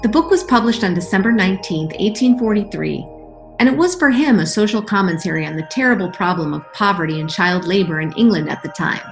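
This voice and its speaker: A woman's voice: mid-range voice, expressive, a little fast. A woman presenting a county arts program, giving friendly, informative narration. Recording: narration over loud music.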